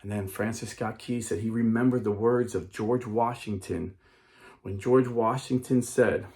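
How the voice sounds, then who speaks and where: A man's voice: on the low side, steady tone, a little slow, darkish tone. A man giving a dramatic storytelling speech, emphatic and acting out characters as he goes. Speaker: speaker.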